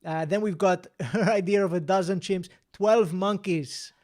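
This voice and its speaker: A man's voice: sits high, normal speed, a little mellow. A man hosting a casual live-stream quiz, chatting, reading out answers and scores, and laughing often. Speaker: quiz host.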